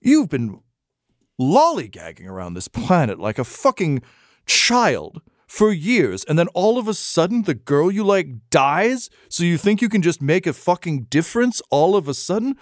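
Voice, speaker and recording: A man's voice: a little high, very animated, a little slow, no echo, clean studio sound, pitched above the performer's own voice. A man doing a drunk, furious old duke. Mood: furious ranting. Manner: exasperated, swearing, slurred ranting. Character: drunk, contemptuous older male duke.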